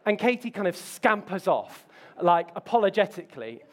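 A man's voice: high voice, sing-song, normal speed. A man preaching a sermon, telling self-mocking stories with playful asides. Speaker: pastor.

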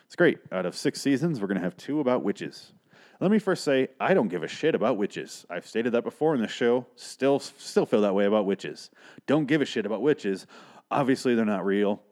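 A man's voice: medium pitch, lively intonation, normal speed, darkish tone. A man hosting a podcast, recapping a TV episode in a casual, profane, sarcastic and rambling way. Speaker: podcast host.

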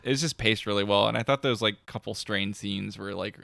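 Low gravelly man chatting casually. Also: a little fast, sharp tone. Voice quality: low gravelly voice, filler-heavy. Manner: laid-back, many "like" and "um" fillers. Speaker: podcast co-host. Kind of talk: casual chat.

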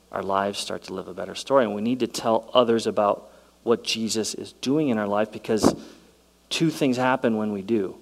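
Man, pastor, sermon, mid pitch, animated preaching, quiet then loud. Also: low-quality recording. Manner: dynamic preaching, swings from soft to loud and excited.

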